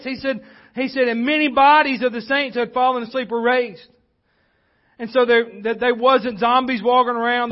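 A high-pitched male pastor delivers an earnest sermon. His voice climbs in force when he drives a point home. The sound is dull and lo-fi, like a church livestream. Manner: earnest preaching, rising intensity on key points.

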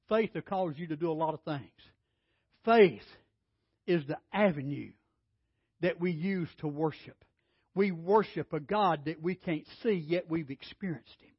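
High-voiced emphatic preacher man. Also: slightly rough, dry recording. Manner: emphatic preaching, acts out scripture quotes with rising voice. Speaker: pastor. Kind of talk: sermon. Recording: dry, dull low-fidelity sound.

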